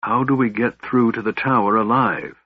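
A man reading the part of a frail young mage in a storybook, speaking quietly and sternly. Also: medium pitch, steady tone, normal speed, breathy edge, no room sound, narrow, tinny audio, natural voice. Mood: grave, hushed. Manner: quiet, stern, hushed delivery.

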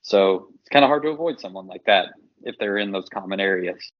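A man co-hosting a podcast in casual chat, talking in a relaxed, explanatory way with frequent ums. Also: sits low, brisk, lo-fi sound. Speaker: podcast co-host.

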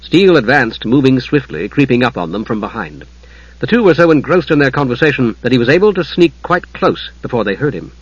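A man narrating a fantasy novel as an audiobook in a measured, dramatic storytelling manner. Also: medium pitch, very animated, husky, dry recording, lo-fi sound.

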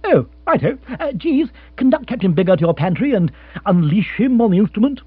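A breezy young lord who gushes and sputters, his voice climbing high and swooping all over, as a male reader puts him on. Thin, tinny, phone-like sound with a low mains hum. Husky edge to the tone. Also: big pitch swings, fairly quick, no echo, full character voice. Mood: flustered. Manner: breezy, flustered, exclamatory. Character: excitable young male English aristocrat.

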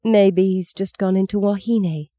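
A reader voicing a frightened young girl in a family story, speaking in a higher pleading voice. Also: steady tone, a little slow, warm tone, dry recording, lightly acted.

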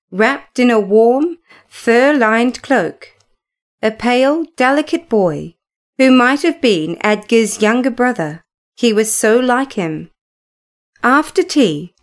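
Woman narrator for a storybook reading; slightly high voice, slow and measured.

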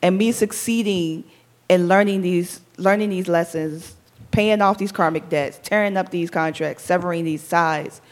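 A woman co-hosting a casual chat, talking candidly and with lots of swearing, animated as she tells stories. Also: fairly low pitch, normal speed. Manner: candid, profane, animated storytelling. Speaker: podcast co-host.

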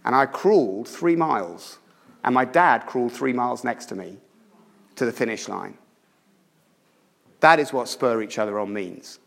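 A man preaching a sermon, telling a story emphatically and swinging between loud urging and hushed tones. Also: medium pitch, lively intonation, measured pace, vocal fry, pauses often. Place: church. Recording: reverberant church hall.

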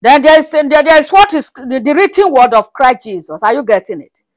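A woman's voice: sits high, fairly quick. A woman preaching a sermon, reading Bible verses aloud and asking the congregation again and again whether they are following, with bursts of laughter and praise between verses. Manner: animated, with frequent rhetorical checks on the congregation.

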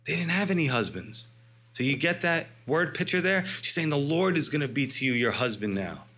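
Man preaching, fairly high voice, bright and forceful tone, slows down to stress words. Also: animated. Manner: emphatic, slows and stretches key words, asks rhetorical questions. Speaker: pastor. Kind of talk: expository sermon.

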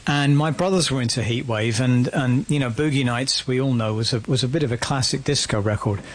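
A man in his fifties, speaking as a guest on a radio show. He talks in a reflective, storytelling way, at a middle pitch for a man and a relaxed, unhurried pace. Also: slight background noise. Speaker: guest musician. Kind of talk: casual radio interview.

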